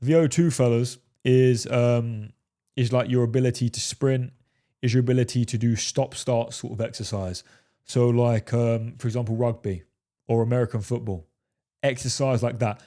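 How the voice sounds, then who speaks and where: A man's voice: mid-range voice, fairly even intonation, moderate pace, mellow. A man giving casual, brash dating and fitness advice to men, swearing freely and calling the listener "fellas". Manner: brash, profane, keeps addressing the listener as "fellas"; jokingly refers to himself in the third person. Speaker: dating coach. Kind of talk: casual talking-head advice.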